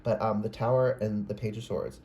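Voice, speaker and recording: A man's voice: fairly low pitch, very animated, a little fast, creaky, mellow, a little hiss or hum. A man giving a casual, rambling tarot reading, often breaking off mid-sentence, swearing and exclaiming. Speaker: tarot reader.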